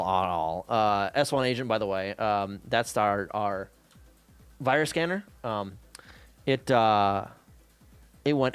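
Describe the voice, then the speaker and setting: A man's voice: fairly low pitch, a bit bright, smooth, dry recording. A man streaming a casual, exasperated rant about programming. He swears freely and leans on fillers and tag questions.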